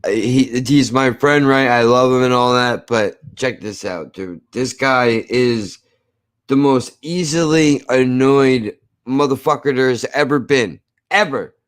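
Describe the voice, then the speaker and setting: A man's voice: mid-range voice, slow. A man from New Jersey hosting a podcast, ranting emphatically in casual chat, repeating himself and swearing. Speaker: podcast host.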